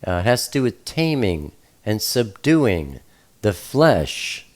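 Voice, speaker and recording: A man teaching scripture slowly and deliberately, with frequent fillers as he spells out Hebrew letters and their meanings. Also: lowish voice, very animated. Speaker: Bible teacher.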